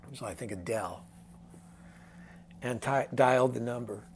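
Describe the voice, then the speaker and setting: A man in his sixties, a songwriter guest telling a story in a casual interview, animated and acting out the voices of people he quotes. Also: mid-range voice, moderate pace, background noise. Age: 60s.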